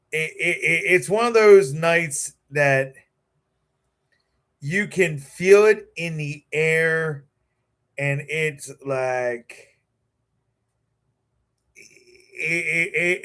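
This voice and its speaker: Male live-stream host, slow-paced, amped and stammering, a touch high-pitched. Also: fairly bright tone. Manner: hyped, stammering, restarts and repeats words. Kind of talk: excited live-stream chat.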